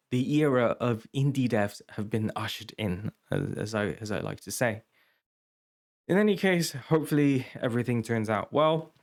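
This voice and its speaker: A young man hosting a podcast, telling wry, digressive stories in a casual monologue. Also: fairly low pitch. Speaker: podcast host.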